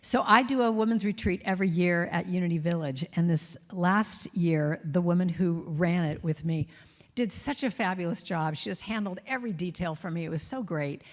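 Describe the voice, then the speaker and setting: A woman's voice: on the low side, moderate pace. Self-mocking woman telling stories in a hall. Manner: lively, self-mocking storytelling that acts out her inner voice. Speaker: guest speaker. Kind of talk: storytelling talk to a congregation. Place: large reverberant church hall. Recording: long hall reverb.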